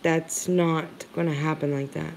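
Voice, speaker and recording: Low, slow, flat-voiced woman commentator. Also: creaky, slight background noise. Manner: earnest, heartfelt, emphatic. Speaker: livestream commentator. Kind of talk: emotional commentary livestream.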